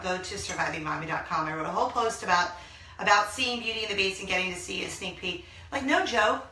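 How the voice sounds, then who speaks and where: A woman in her thirties hosting a casual vlog from a small laundry room, talking excitedly and gushing to her viewers. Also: mid-range voice. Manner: gushing, excitable, bursts into song. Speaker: vlog host. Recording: echoey small room, mic at a distance.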